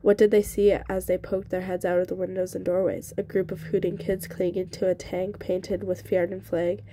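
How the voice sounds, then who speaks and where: A woman reading a novel aloud with steady, expressive narration. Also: lowish voice, slight background noise. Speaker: audiobook reader.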